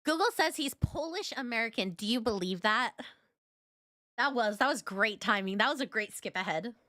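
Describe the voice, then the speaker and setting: Bright, giggly woman streamer. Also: fairly high pitch, animated, moderate pace, no room sound, clean studio sound. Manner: giggly, rambling, lots of "like". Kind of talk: casual reaction chat.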